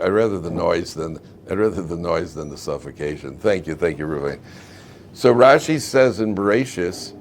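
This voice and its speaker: Male rabbi, lively lecture, rhetorical questions, low voice, faint room hum. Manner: animated, rhetorical questions, tells fables. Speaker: rabbi teaching a class. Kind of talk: Torah lecture to students. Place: classroom with air conditioning.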